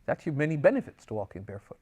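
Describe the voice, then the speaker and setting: A man's voice: medium pitch, very fast. A man teaching a religious class, reading Arabic passages and explaining them in English, with personal stories. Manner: lively, switches between Arabic text and English explanation; tells anecdotes, acting out dialogue in passing. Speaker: Islamic teacher. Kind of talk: recorded class lecture.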